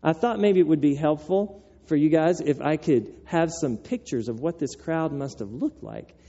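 A man preaching a sermon as pastor, telling the story in a conversational, animated way, on a dull lo-fi recording. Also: a little high, moderate pace.

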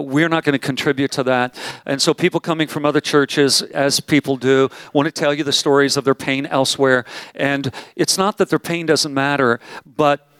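A man's voice: medium pitch, fairly bright tone, smooth, no echo. A man speaking as a pastor at a conference, emphatic and repeating his key phrases, taking questions from the room. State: out of breath. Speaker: pastor leading a conference session. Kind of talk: conference talk with Q&A. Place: large room with audience.

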